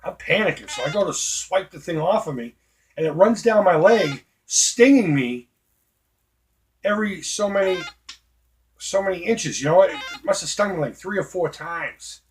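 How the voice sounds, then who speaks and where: A man's voice: high voice, lively intonation, moderate pace, slight background noise. Rambling, swearing man from Boston. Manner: rambling, profane storytelling with frequent fillers. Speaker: retro gaming host. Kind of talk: casual gameplay commentary.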